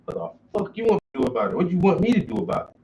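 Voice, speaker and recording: Profane joking man, lively pitch. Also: rapid-fire. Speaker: painter streaming while working. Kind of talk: casual storytelling while painting. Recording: distant, dull lo-fi with faint noise.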